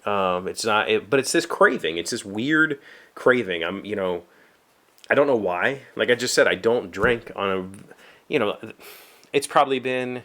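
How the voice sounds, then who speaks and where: A man's voice: lowish voice, lively intonation, moderate pace, pushed and bright. Rambling West Virginian man in his workshop. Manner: rambling, self-deprecating, with frequent fillers and restarts. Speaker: vlogger, show host. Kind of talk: casual solo chat. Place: home workshop.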